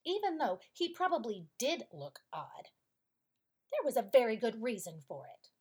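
A woman storyteller reads a bedtime tale in a gentle, soothing way, unhurried and drawn out. Her voice sits a little high and moves a lot, with a soft, breathy grain. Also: huge pitch swings. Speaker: podcast storyteller.

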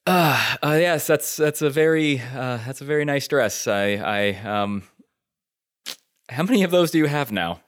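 A man's voice: mid-range voice, lively intonation, a little slow, dry recording, studio quality, lightly acted. A man voicing a sleepy, awkward young farm son who stammers and hesitates. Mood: flustered.

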